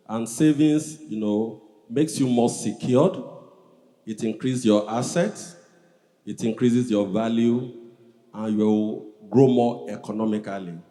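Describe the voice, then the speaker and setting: A man giving earnest, measured closing remarks as a panelist, with brief hesitations. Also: lowish voice, dark tone. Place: large event hall. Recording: roomy hall with long echo.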